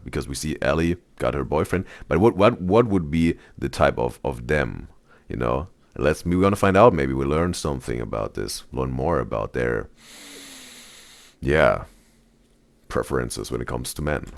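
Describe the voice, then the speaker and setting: A man streaming a casual reaction video, rambling with many restarts and trailing off quietly. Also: rumbling low, creaky, no room sound.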